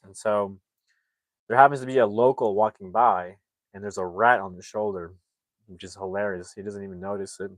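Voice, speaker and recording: Low-voiced guy rambling through a movie recap, loads of fillers, dry close sound. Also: fairly even intonation, normal speed, no room sound. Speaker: movie reviewer. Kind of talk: casual plot recap.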